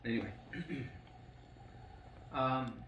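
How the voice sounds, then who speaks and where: A man's voice: medium pitch, drawn-out words, pushed and bright, lo-fi sound, slight background noise. An older man rambling through a personal story at home, full of fillers and swearing. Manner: rambling, profane, with many fillers. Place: a room at home. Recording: roomy echo, faint ambience.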